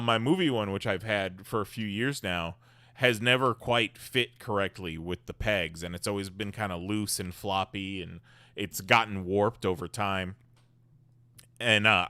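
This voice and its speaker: A man's voice: on the low side, pushed and bright, smooth, no room sound. A man hosting a podcast in casual chat, rambling with lots of fillers and swearing. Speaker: podcast host.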